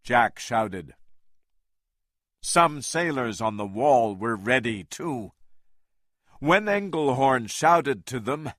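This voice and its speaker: A man narrating a learner's storybook at a very slow, deliberate pace, every word clearly articulated. His voice is bright and lively in pitch, recorded dry and close. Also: no echo. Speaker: audiobook narrator. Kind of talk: slow reading of a graded English-learner storybook.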